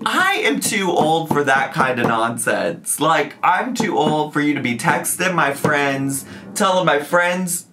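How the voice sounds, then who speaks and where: Chatty bright-voiced man ranting to camera. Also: fairly high pitch, a little slow, hardly any pauses, a little hiss or hum. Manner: animated, chatty, slips into a joking southern twang. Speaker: YouTuber. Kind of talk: casual vlog rant.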